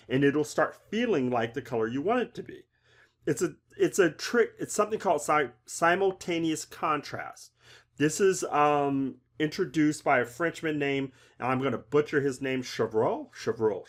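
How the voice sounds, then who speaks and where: A man's voice: fairly high pitch, fairly bright tone. A middle-aged man giving a casual art lesson on color, talking conversationally and often checking in with "right?". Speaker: art instructor.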